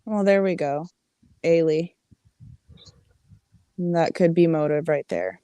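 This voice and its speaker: A woman co-hosting a casual gossip livestream, laid-back as she speculates and throws in quick asides. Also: sits low, warm tone, clear, resonant tone, no echo. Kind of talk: casual gossip commentary chat.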